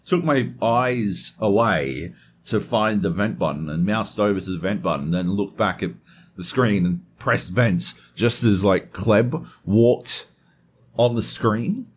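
A man's voice: on the low side, measured pace, breathy edge. A man hosting a podcast in casual chat, swearing constantly and getting worked up as he tells a story. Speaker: podcast host.

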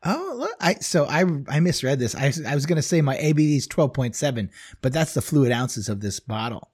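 A man's voice: medium pitch, brisk, a little mellow, breathy edge. A middle-aged man co-hosting a casual podcast, talking in an easygoing, rambling way. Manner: easygoing, rambling, frequent fillers. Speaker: podcast co-host. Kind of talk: casual chat.

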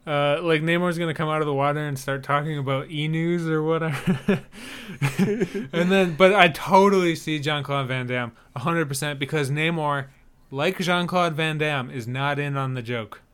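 A man's voice: on the high side, steady tone, normal speed, fairly bright tone, clean tone. A man co-hosting a podcast in casual chat, wry and chuckling as he reads out listener emails. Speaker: podcast co-host.

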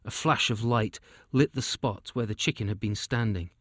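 A man narrating a children's fantasy story in a steady, even storytelling voice. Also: lowish voice, normal speed, no echo, clean studio sound. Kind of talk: storybook reading.

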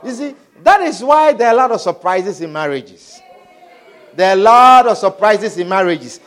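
Lively high-voiced male preacher. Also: normal speed. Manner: animated, repeatedly asks "Do you understand?". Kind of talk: sermon.

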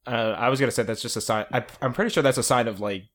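A man's voice: mid-range voice, rapid-fire. A man co-hosting a podcast, speaking casually and hesitantly with many fillers. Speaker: podcast co-host. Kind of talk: casual chat.

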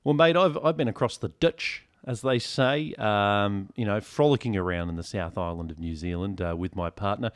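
A man's voice: lowish voice, moderate pace, hardly any pauses. A man, co-hosting a casual comedy podcast and telling stories in a dry, joking way. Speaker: podcast co-host.

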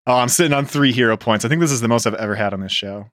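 A man's voice: mid-range voice, very fast, fairly bright tone, no room sound, studio quality. A man playing in a tabletop role-playing game, joking and self-mocking. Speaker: player.

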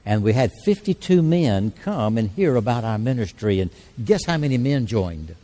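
Guy preaching in church, warm mellow voice, folksy and earnest, tells stories. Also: medium pitch, big pitch swings, normal speed. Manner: earnest, folksy storytelling, prayerful. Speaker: church speaker. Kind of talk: sermon with altar call and mission stories. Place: church service.

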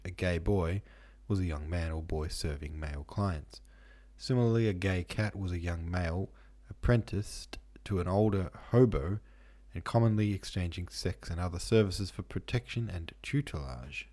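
A man's voice: deep voice, a little mellow. A man hosting a book podcast, reading listener notes and chatting through them in a musing way, with plenty of ums and asides. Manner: reads listener comments and reference passages aloud. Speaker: podcast host. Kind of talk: casual book-club podcast discussion.

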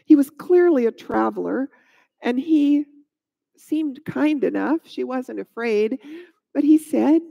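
Slow, gravelly-voiced woman storyteller. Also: high voice, lively intonation, dark tone. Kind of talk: scripted Bible story narration. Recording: dull lo-fi recording.

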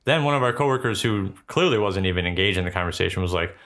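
A young man co-hosting a podcast in casual, profane chat, quick to laugh. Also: low voice, lively intonation, fairly bright tone. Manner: loose and profane, laughs easily. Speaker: podcast co-host.

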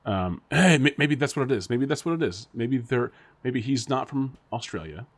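A man's voice: medium pitch, expressive, moderate pace, breathy edge. A man co-hosting a casual podcast chat, rambling and speculating with frequent laughs and restarts. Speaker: podcast co-host.

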